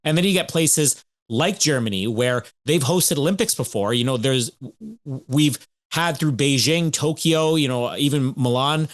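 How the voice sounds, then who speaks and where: A man's voice: a little high, expressive, measured pace. A man co-hosting a podcast, thinking aloud in loose, rambling casual talk. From Canada. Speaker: podcast co-host.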